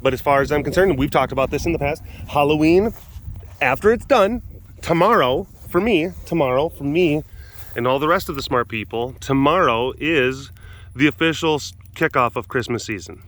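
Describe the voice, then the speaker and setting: A man's voice: fairly high pitch, expressive, moderate pace, a bit bright. Playful man cooing at big cats. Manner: playful, coos and baby-talks at the cats. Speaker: big cat facility keeper and show host. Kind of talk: casual chat to animals.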